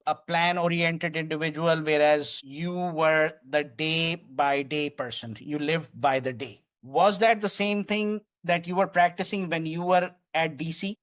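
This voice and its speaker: A man hosting an interview, asking measured questions and summing up what his guest says. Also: a little high, fairly even intonation, fairly bright tone. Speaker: interviewer, host.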